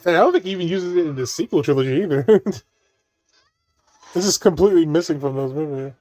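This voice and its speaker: A man's voice: on the high side, fast, a little mellow, no room sound, soft background music. A man giving casual watch-along commentary on a movie, laughing often and swearing freely as he riffs jokes.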